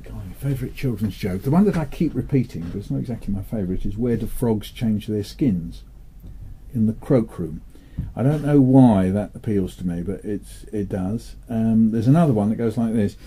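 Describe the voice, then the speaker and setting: An older man from England, talking in a relaxed interview with a dry, playful manner and telling jokes with lively delivery. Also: lowish voice, moderate pace, breathy edge. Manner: dry, playful, animated when storytelling. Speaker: interviewee, children's author.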